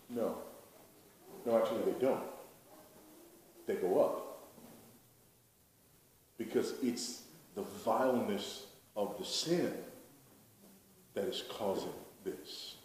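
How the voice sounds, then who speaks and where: A man's voice: lowish voice, slow pace, pauses often, darkish tone. A man from the United States preaching a sermon in an emphatic, rhetorical way, repeating his key lines. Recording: very echoey hall, distant mic, faint noise.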